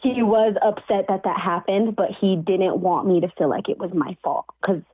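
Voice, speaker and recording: A woman's voice: medium pitch, a little mellow, husky, dry recording, low-quality recording. A young adult woman calling in to tell a story, giggling and restarting often. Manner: giggly, halting, lots of restarts. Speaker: caller. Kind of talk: casual storytelling on a call.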